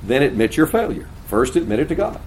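A man's voice: mid-range voice, sing-song, fast talker, darkish tone, a little hiss or hum. An older man preaching a sermon to pastors, with earnest, folksy storytelling.

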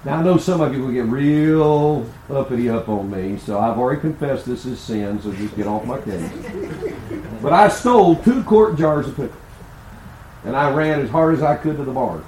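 A man's voice: medium pitch, moderate pace, reverberant, a little hiss or hum, poor audio. A man preaching a sermon to a congregation, telling folksy and funny personal stories and laughing as he goes. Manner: folksy, animated, laughs through his stories. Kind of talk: sermon with humorous personal storytelling. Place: large church sanctuary.

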